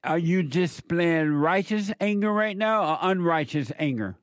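Calm man pressing with repeated questions. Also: a little high, unhurried, dry recording. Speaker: host. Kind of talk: call-in debate show.

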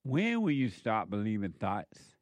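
A man's voice: lowish voice, huge pitch swings, unhurried, no echo. A man delivering a preaching monologue, emphatic and repetitive, full of rhetorical questions.

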